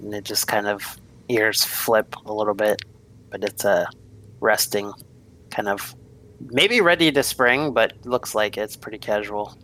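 A man's voice: fairly low pitch, completely flat delivery, a little slow, a bit bright, rough recording. A man narrating a tabletop game as game master, describing scenes and playing the people the players meet.

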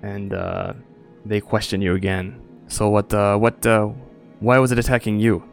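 Gravelly low-voiced man running a tabletop game. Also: faint music behind. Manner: relaxed, frequent filler pauses. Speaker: game master.

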